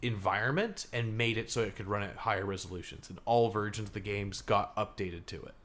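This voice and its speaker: A man's voice: on the low side, brisk. Chatty man rambling about games. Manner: animated storyteller, filler-heavy. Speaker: podcast co-host. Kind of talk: casual gaming chat.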